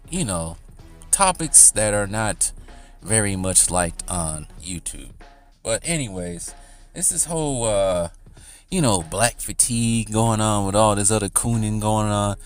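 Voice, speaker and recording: A man rambling casually in a commentary vlog, chatty and often laughing. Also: on the low side. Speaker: YouTuber.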